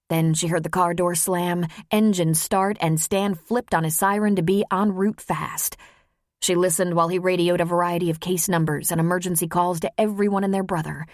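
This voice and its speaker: A woman narrating an audiobook in a tense, measured storytelling voice. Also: lowish voice, steady tone, dry recording, clean studio sound. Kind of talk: scripted narration.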